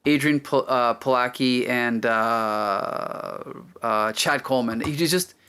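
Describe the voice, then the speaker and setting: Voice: mid-range voice, slow, a bit bright, smooth. A podcast host talking casually and with enthusiasm about a TV episode, often laughing.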